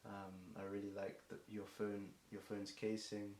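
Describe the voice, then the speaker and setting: A young English man improvising a rambling rhyming freestyle, voice getting hoarse, filling gaps with ums and self-corrections. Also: fairly low pitch, monotone, normal speed, darkish tone. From England. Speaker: streamer performing a marathon song. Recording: echoey room with faint background noise.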